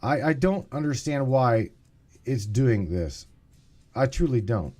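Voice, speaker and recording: A man's voice: mid-range voice, lively intonation, slow, a little mellow, faint music behind. A man hosting a casual call-in stream, rambling, swearing, and getting exasperated with tech trouble. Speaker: podcast host.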